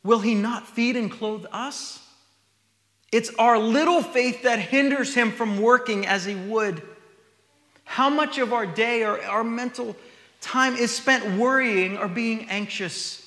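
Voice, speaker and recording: A man's voice: very high-pitched, takes it slowly, pushed and bright, reverberant, long reverb tail. A man preaching a sermon, reading scripture aloud and then explaining it in a conversational way.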